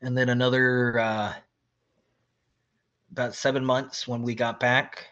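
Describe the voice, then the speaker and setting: A man's voice: mid-range voice, a little slow, highs cut off. Laid-back man telling army stories. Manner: relaxed, laughs often, imitates friends mid-story. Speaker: guest, army veteran. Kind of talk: casual podcast storytelling.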